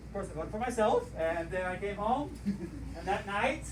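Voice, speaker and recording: A man in his late thirties, a teacher telling a personal story as a lesson, animated and rhythmic, acting out the dialogue. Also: sits high, normal speed, far from the mic, background noise.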